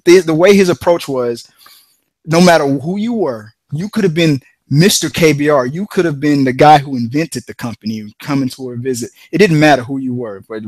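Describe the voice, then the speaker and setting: A man's voice: medium pitch, dry recording. A man co-hosting a casual podcast chat, telling a long rambling story with frequent restarts. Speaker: podcast co-host.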